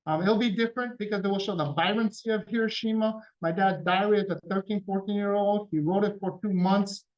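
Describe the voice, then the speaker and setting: In an event hall, a middle-aged guest speaker tells a family story conversationally and performs the quoted lines between him and his father. His fairly quick voice sits high with a steady tone, recorded from a distance with a dull, off-mic sound.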